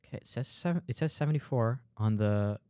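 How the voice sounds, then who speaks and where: A young man co-hosting a podcast, telling stories in an animated way and acting out the people in them. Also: medium pitch, a little fast, clean tone, no room sound, studio quality. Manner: animated storyteller, acts out dialogue, fillers like "dude". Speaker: podcast co-host. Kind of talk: casual chat.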